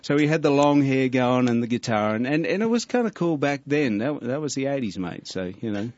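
A man's voice: medium pitch, very animated, fairly quick, darkish tone. A middle-aged man with an Australian accent, a jokey, laid-back radio guest. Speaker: studio guest, musician. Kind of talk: casual radio chat. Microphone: studio microphone. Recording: dull lo-fi radio studio.

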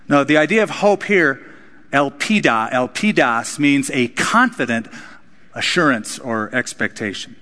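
A man's voice: mid-range voice, expressive, a little slow, bright, forceful tone. A man preaching a sermon, his voice rising and dropping for emphasis. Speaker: pastor. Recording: hall reverb.

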